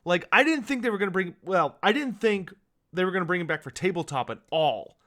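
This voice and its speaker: High-voiced, excitable male streamer. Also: brisk. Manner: excitable, swearing, bursts of shouting and laughter. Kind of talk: live-stream chat. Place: home desk.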